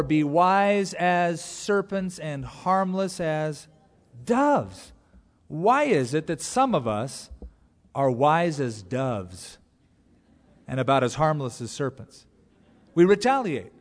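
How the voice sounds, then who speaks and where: Animated male preacher in a reverberant hall. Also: on the high side. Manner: animated preaching with acted-out quotes. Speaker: pastor. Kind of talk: sermon.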